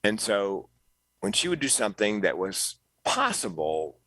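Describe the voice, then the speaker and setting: A middle-aged man, a comedian, telling an animated story as a podcast guest, jumping up in pitch when he quotes people. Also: a little slow, breathy edge, no room sound, rough recording. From North Carolina, US. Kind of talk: storytelling interview.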